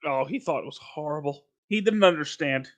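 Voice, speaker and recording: A man's voice: fairly high pitch, animated, a little fast, a bit bright. A man co-hosting a podcast in casual chat, emphatic and rambling, often breaking into laughter. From North Carolina. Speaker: podcast co-host.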